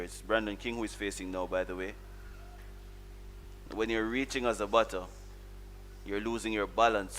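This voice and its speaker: A man with a Caribbean accent giving calm, measured colour commentary on a live cricket match and explaining tactics. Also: on the low side, slight background noise. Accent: Caribbean English. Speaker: cricket analyst.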